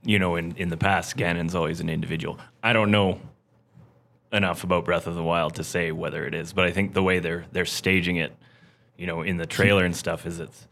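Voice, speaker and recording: A man's voice: low-pitched, level tone, a little fast, vocal fry, a bit bright. A man, a guest on a casual podcast, sharing game trivia in a rambling way, often breaking off to correct himself. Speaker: special guest.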